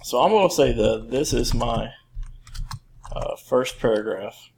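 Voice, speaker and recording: A man in his thirties giving a relaxed, rambling coding lesson with many fillers and restarts. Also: mid-range voice, unhurried, creaky, slight background noise. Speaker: teacher. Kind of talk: screen-recorded coding lesson.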